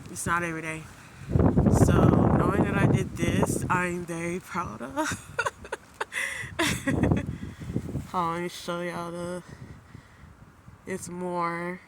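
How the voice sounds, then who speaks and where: A young adult woman vlogging outdoors in a snow flurry on her phone, excitable and giggly, exclaiming often. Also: on the low side, slow, pauses often. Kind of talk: casual vlog commentary. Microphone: phone held by the speaker. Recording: heavy wind noise on the phone mic. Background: loud gusting wind.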